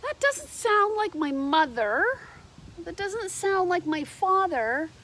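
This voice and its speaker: A woman's voice: very high voice, very animated, slow, slight background noise, pitched above the performer's own voice, exaggerated voice. A woman voicing a spunky, bossy young farm girl in a storybook reading. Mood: chatty. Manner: yelling, sassy.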